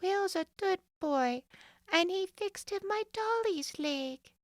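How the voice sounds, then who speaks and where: A woman voicing a small stubborn girl in an audiobook, high and wailing. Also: animated, slow, no room sound, studio quality, full character voice. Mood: pouting. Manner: wailing, pouting, childish. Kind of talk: audiobook character voice.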